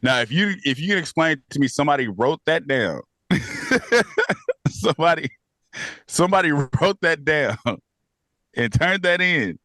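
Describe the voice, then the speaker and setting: A man with a fairly high voice co-hosting a casual review podcast. He talks in an animated, disbelieving way, swears freely and breaks into laughter. The sound is dry and close, with no room around it. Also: a little slow, pauses often, no echo. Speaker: podcast co-host.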